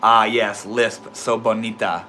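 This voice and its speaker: A man's voice: on the low side, little pitch movement, takes it slowly, sharp tone, a little hiss or hum. A young man with a slight lisp, talking casually to his livestream chat, laid-back and swearing freely. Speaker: livestream host reading chat.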